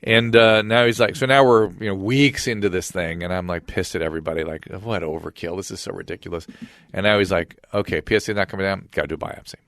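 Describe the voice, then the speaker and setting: Fast-talking middle-aged man, dry close mic. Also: low voice, no room sound. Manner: brisk, animated retelling with quoted dialogue. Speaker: podcast host and physician. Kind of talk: casual conversational storytelling.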